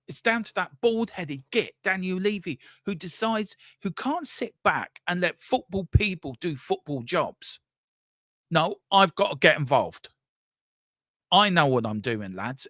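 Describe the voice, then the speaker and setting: A man's voice: fairly high pitch, fairly bright tone, dry recording, clean studio sound. A man, hosting a live fan stream and ranting angrily, swearing and repeating himself. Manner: angry, sweary, repetitive ranting. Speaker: fan channel host.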